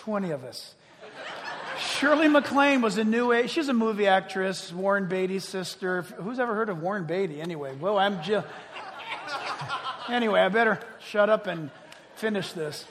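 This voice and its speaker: A man preaching a sermon in an animated storytelling manner, often laughing as he talks. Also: sits high, moderate pace, noisy background. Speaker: pastor. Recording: long hall reverb.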